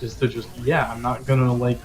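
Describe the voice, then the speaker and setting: A man's voice: mid-range voice, level tone, a little fast, faint music behind. Rambling young man full of "like". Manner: rambling, hedging with lots of "like". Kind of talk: casual chat.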